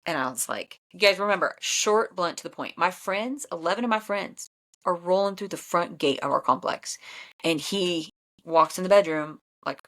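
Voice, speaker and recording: Woman, podcast host, thirties, blunt, animated, casual storytelling, laughs often, lowish voice. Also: normal speed. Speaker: podcast host and Enneagram coach.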